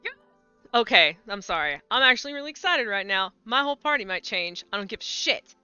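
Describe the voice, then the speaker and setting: A woman streaming a video game, chatting casually into a desk mic, swearing freely and swinging between low mutters and loud excited yelps. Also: a little fast, smooth, no room sound, dull audio, soft background music. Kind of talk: casual gameplay stream chat.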